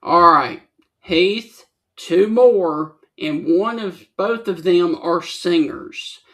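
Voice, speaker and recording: A man co-hosting a sports talk show, reading notes aloud in a measured way. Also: high-pitched, a bit bright.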